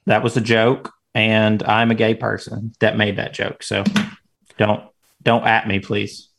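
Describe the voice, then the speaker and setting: A man's voice: lowish voice, flat delivery, unhurried, creaky, fairly bright tone, slight background noise. Wry, teasing man on a podcast. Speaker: podcast co-host. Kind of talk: casual movie review chat.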